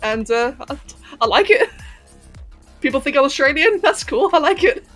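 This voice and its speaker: A woman from England with a posh London accent, softened by a little Californian, chatting casually and laughing with her chat during a gaming livestream. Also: sits high, lively intonation, moderate pace, soft background music. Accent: posh London English, slightly Californian-tinged. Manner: chatty, giggly, answers chat while playing.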